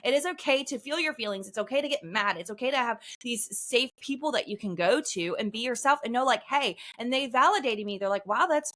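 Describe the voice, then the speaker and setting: A woman in her thirties co-hosting a podcast in casual chat, telling stories with lively acted-out quotes. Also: on the high side, fairly quick, few pauses. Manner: animated storytelling, acts out quotes. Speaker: podcast co-host.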